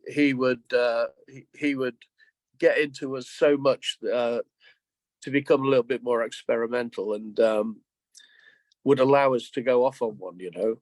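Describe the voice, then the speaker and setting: A man in his seventies from England, a guest musician, rambles through anecdotes in a casual interview, stumbling over frequent restarts. His voice is at an ordinary pitch. It was recorded dry and close, with no room sound.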